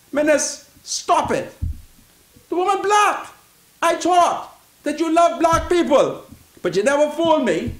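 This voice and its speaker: A Bahamian man hosting a commentary show, pleading and repeating himself in a preachy way and breaking into shouts. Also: very high-pitched, roomy sound. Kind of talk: impassioned political commentary.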